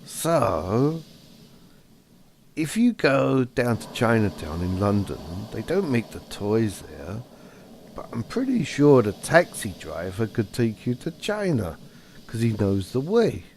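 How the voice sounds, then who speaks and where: A man's voice: mid-range voice, big pitch swings, takes it slowly, creaky, a little mellow, slight background noise, exaggerated voice. A man voicing a helpful talking snowman who rambles as he gives directions. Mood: advising.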